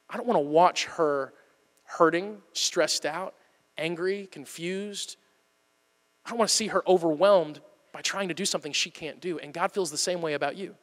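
A man's voice: high voice, fairly bright tone, in a large hall. A male pastor giving a sermon in an earnest, conversational way with emphatic repetition.

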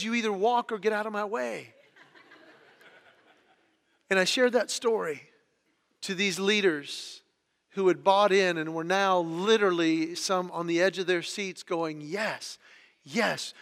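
A man with a high, bright voice tells stories to an audience, acting out each quote. His delivery is animated, with frequent restarts on words. The sound carries a long hall reverb. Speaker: speaker telling stories. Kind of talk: storytelling talk to an audience.

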